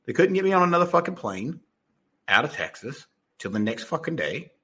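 A man's voice: fairly high pitch, big pitch swings, brisk, bright, forceful tone, breathy edge. A man telling a rambling, profane story in a casual monologue, full of fillers and restarts.

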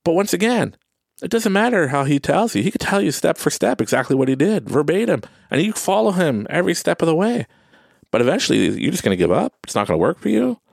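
A young man hosting a podcast, giving an earnest, repetitive motivational talk and sometimes mimicking other people in high voices. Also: very animated, quick pace, gravelly, breathy edge, dry recording, studio quality. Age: young adult. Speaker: podcast host.

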